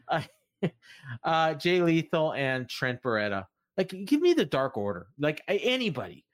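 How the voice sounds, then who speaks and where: A man's voice: a little high, very animated, unhurried. A man co-hosting a wrestling podcast, recapping the week's shows in a loose, rambling way full of fillers and restarts. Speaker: podcast co-host. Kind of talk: casual wrestling recap chat.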